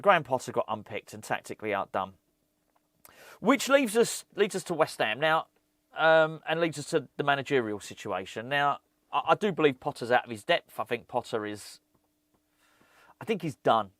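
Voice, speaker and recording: A man talking casually as a fan channel host, animated and ranting, often repeating words. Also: medium pitch, normal speed, no echo, clean studio sound. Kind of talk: casual football chat.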